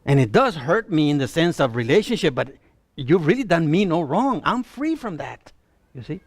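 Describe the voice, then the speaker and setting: A man preaching a sermon, animated and pleading, often asking his listeners if they see his point. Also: on the high side, moderate pace, dry recording. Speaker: pastor.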